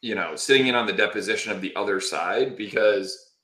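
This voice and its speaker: A man's voice: on the low side, brisk, reverberant. Exasperated, foul-mouthed man telling a story. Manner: animated, exasperated, swears freely. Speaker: podcast guest. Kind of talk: casual storytelling chat.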